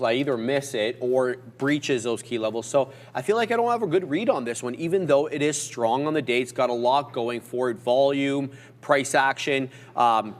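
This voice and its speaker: A man co-hosting a live trading stream, calmly talking through his positions and price levels. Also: mid-range voice. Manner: steady, methodical, talks through patience and levels. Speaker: co-host trader.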